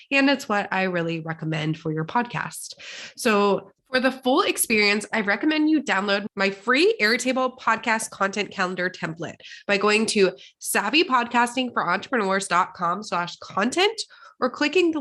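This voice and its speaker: Young woman podcast host, stuffy nose, some fry, upbeat chatty tone, talks right to you. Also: medium pitch, a bit bright. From Texas. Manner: upbeat and chatty, addressing listeners directly. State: congested, vocal fry. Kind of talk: solo podcast teaching.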